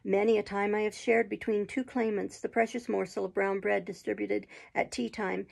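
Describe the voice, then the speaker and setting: Husky, gravelly woman narrating an audiobook. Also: medium pitch. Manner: steady, measured storytelling with occasional stumbles. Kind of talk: audiobook reading of a classic novel.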